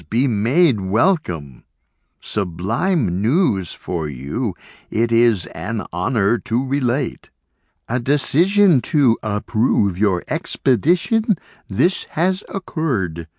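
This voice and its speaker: A man's voice: on the low side, big pitch swings, darkish tone, dry recording, exaggerated voice. A man doing a warbling, strained alien master. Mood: formal welcome. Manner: warbling, uneven, halting word order. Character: strange alien mixing-master, slow and strained.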